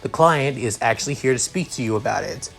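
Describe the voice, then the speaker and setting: A man's voice: medium pitch, brisk, gravelly, a bit bright, faint music behind. A man voicing a fatherly middle-aged organization leader who speaks politely and to the point, reading a fan story aloud.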